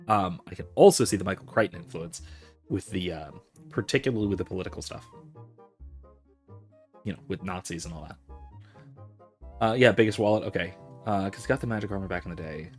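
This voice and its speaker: A man's voice: low-pitched, fairly quick, pauses often, faint music behind. A man hosting a let's play, giving casual, rambling commentary full of ums and restarts as he digresses.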